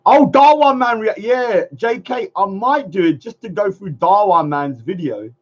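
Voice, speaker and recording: A man's voice: high-pitched, lively intonation, a little slow. A man hosting a casual livestream chat, rambling, laughing often and trailing off mid-sentence. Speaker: livestream host. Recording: dull lo-fi stream audio.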